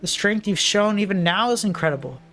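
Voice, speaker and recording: A woman reading aloud, voicing a caring teenage girl who gently reassures a friend. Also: medium pitch, animated, faint music behind, lightly acted. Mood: gentle. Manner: soft, reassuring, measured.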